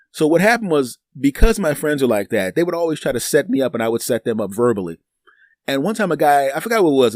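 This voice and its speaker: A man's voice: medium pitch, darkish tone, no room sound, clean studio sound. A middle-aged man hosting a podcast, telling a long story in a loose, rambling way, repeating words and acting out both sides of conversations. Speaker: podcast host. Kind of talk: casual storytelling monologue.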